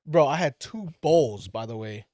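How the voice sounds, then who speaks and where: A man's voice: mid-range voice, moderate pace, no echo, clean studio sound. A man telling a story as a podcast guest in a loose, profane way, voicing the people in it. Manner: animated, profane, acts out quoted voices. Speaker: father of daughters. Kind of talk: casual storytelling.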